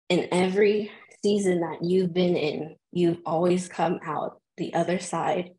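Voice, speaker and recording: Woman, cast member, reads affirmations slowly, emotional and halting. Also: fairly low pitch, darkish tone, poor audio. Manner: emotional, halting, with pauses and fillers. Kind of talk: reading self-affirmations.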